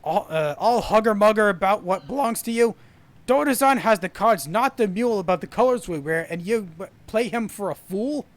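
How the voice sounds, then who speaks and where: A man's voice: sits high, lively intonation, moderate pace, no echo. A man voicing a stern ship's captain who scolds his crewman and speaks formally to others. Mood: angry. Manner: loud, indignant scolding.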